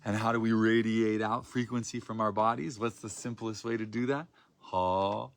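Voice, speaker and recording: A man with a slightly low, gravelly voice leads a guided prayer and vocal practice. He speaks in a soft, loving, grounded tone. He draws out his phrases as he invites listeners in. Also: little pitch movement, a little fast. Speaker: spiritual workshop facilitator.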